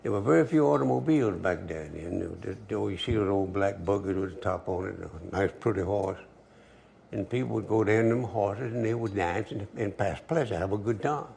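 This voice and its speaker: A man's voice: on the low side, a little fast, gravelly, a little mellow, a little hiss or hum. An older man, cooking at the stove and chatting folksily as he tells a story. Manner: folksy, chatty, talks to himself while working. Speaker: cook. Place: home kitchen at the stove.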